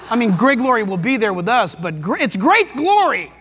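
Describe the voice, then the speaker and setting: High-voiced excitable preacher in a hall. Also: male voice, normal speed, slight background noise. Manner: excitable, emphatic preaching with jokes and rhetorical questions. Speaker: pastor. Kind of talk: sermon. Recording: long hall reverb.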